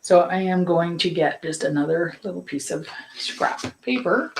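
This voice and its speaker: This is a woman teaching painting on a casual live stream, her voice sitting a touch lower than most. She chats loosely, filling gaps with ums and likes and wandering into small asides. Her tone stays encouraging throughout. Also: normal speed, creaky, noisy background. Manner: chatty and rambling, with many fillers and asides; reassuring, encouraging. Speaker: painting instructor.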